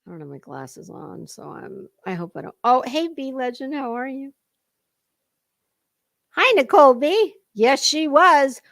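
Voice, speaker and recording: A woman's voice: high voice, very animated, a little slow, vocal fry, fairly bright tone, no room sound, clean studio sound. A woman hosting a reaction livestream, mocking a clip with sarcastic, profane jabs and greeting her chat. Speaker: commentary livestream host.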